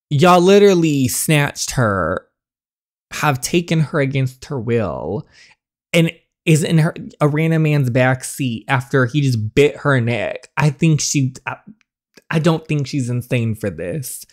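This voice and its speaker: Animated man reacting to a story game. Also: medium pitch, slow pace. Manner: animated, chatty, sarcastic asides. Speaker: gaming YouTuber.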